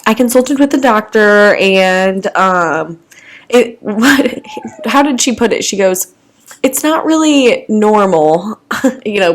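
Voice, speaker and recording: A young woman from the American Midwest, co-hosting a podcast and telling a story in a casual, chatty way, laughing often and swearing freely. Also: medium pitch. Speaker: podcast co-host.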